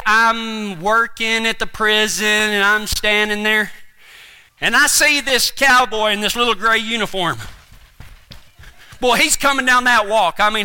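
A man preaching a sermon, telling a funny story in an animated, folksy way. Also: extremely high pitch, measured pace, clean tone. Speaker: pastor.

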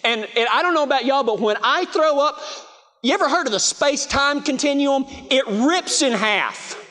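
A man's voice: very high-pitched, lively intonation, moderate pace, bright, forceful tone. A man with a West Texas accent preaching in a chatty, self-mocking storytelling style, full of "you know" asides, to a live audience. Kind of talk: storytelling sermon. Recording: long reverb of a big hall.

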